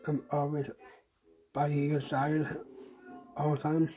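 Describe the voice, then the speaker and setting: A podcast host talks slowly in an earnest, deliberately sad voice, stumbling and repeating words as they go. The tone stays mellow and flat, with little rise or fall. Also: mid-range voice, faint music behind, low-quality recording. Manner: halting and repetitive, restarting phrases. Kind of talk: personal spoken message to a friend.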